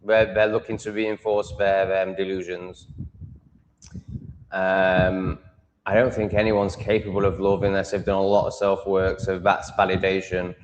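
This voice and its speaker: A man's voice: deep voice, flat delivery, a little slow, muffled recording, slight background noise. An English man hosting a livestream, ranting bluntly and swearing freely as he answers viewer comments. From England. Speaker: livestream host. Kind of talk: live stream chat answering comments.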